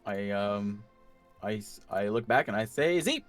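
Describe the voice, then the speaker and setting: A man's voice: on the low side, a little slow, over music. A man playing a tabletop game, describing his character's actions with hesitant restarts. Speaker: player.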